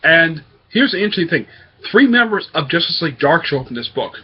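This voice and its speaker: A man's voice: fairly high pitch, big pitch swings, quick pace, breathy edge, highs cut off. A man hosting his own comic book review show, talking casually and hesitantly with lots of fillers. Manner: rambling, hesitant with many fillers.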